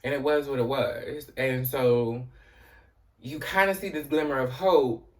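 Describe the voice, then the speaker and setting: A man talks through a TV episode in a loose, chatty recap, peppering his sentences with "you know" and "um" and the odd curse. His voice sits at an everyday middle pitch. He sounds a little distant from the mic. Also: a little slow. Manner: chatty, profane, frequent "you know" and "um" fillers. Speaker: TV recap host.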